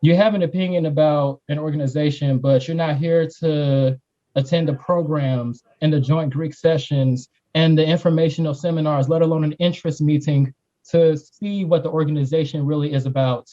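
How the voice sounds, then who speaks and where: A man's voice: on the high side, steady tone, moderate pace, dark tone, lo-fi sound. A man speaking as a panelist in a discussion, emphatic and blunt, sometimes repeating words as he starts. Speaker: panelist, fraternity member.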